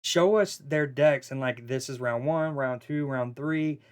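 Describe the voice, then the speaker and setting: Male streamer co-commentator, mid-pitched, loose and talkative, prone to fillers and sudden bursts of excitement. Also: measured pace, smooth. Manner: chatty, loose, excitable, with frequent fillers and restarts. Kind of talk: casual live stream commentary.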